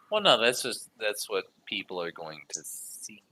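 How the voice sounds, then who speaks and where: A man in a casual political debate on a stream, blunt and profane, halting with many fillers. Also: fairly low pitch, huge pitch swings, pushed and bright, slight background noise.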